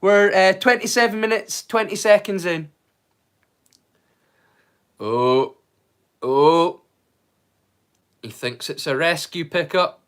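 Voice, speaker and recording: A high-pitched, clear and resonant male voice takes its time, leaving long pauses. The man hosts a casual livestream watch-along, freely chatting, joking and swearing with viewers, and says hello to them loudly and brightly.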